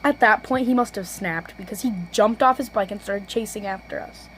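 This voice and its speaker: A teenage girl recounting a story for her vlog at a medium pitch. She rambles, corrects herself mid-sentence and keeps saying "low-key," with a faint noise under her voice. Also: moderate pace, fairly bright tone, poor audio. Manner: self-correcting, restarts sentences. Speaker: vlogger.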